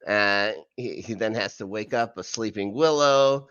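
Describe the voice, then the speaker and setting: A man's voice: lowish voice, measured pace, a bit bright, smooth, no room sound, highs cut off. A man co-hosting a podcast, recapping an episode in a casual, rambling way with many fillers and asides. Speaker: podcast co-host. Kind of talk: casual rewatch recap chat.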